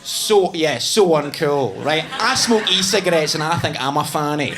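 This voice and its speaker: Young guy doing standup, high voice, deadpan and self-mocking. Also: moderate pace, over music. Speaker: stand-up comedian. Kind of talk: stand-up set.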